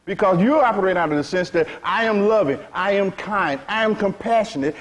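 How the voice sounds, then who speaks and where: A man's voice: sits high, expressive, a little fast. Preachy man asking rhetorical questions. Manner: preachy, frank, rhetorical questions and repeated "you see". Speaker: spiritual teacher. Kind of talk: sermon to a seated audience.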